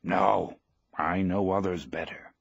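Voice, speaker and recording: A man reading the part of an elderly, proud, gentle fisherman, speaking plainly and quietly. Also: deep voice, steady tone, slow, vocal fry, husky, no room sound, highs cut off, exaggerated voice.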